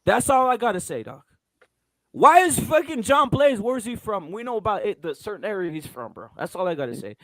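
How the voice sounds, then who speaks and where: A man's voice: sits high, lively intonation, a little fast, a bit bright, no room sound. A man hosting a casual boxing chat stream, ranting with lots of swearing and repetition. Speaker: host.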